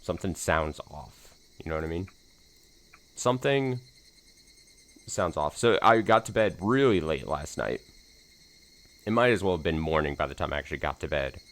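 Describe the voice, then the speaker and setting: A man with a very low voice opens his let's play stream in a slightly hoarse, casual ramble. He talks in a loose, self-deprecating way and fills gaps with ums and likes. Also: animated, fairly quick, fairly bright tone. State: slightly hoarse from screaming the night before. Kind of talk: casual stream chat before reading a visual novel.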